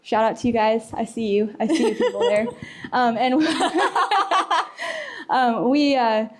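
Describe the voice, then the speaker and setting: A woman's voice: a little high, very animated, takes it slowly. A young woman giving a casual conference talk in a hall, chatty and laughing often. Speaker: conference speaker.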